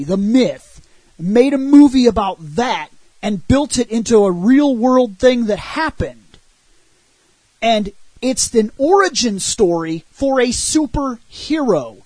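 A man on a podcast, casually and animatedly recounting a movie's plot and arguing for it, with a husky voice and loose swearing. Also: extremely high pitch, dry recording, low-quality recording. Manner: animated retelling with frequent swearing. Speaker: podcast co-host reviewing a film. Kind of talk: casual film discussion.

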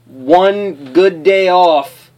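A man's voice: high voice, extremely slow, darkish tone, highs cut off. A man co-hosting a podcast in casual chat, profane and joking at his own expense. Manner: profane, joking, self-mocking. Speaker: podcast co-host.

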